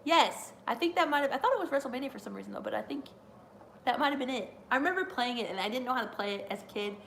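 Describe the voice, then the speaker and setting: A woman's voice: high voice, fast talker, a little hiss or hum. Chatty, rambling woman streamer. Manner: rambling, excitable, many fillers and laughs. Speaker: streamer hosting a wrestling watch-along. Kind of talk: live reaction chat.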